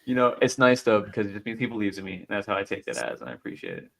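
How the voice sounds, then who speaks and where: A man with a lowish voice, trading jokes on a casual sports podcast. He talks in an offhand, easygoing way, shrugging things off with a laugh. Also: very animated, very fast, creaky. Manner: joking and offhand. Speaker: podcast co-host. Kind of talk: casual chat.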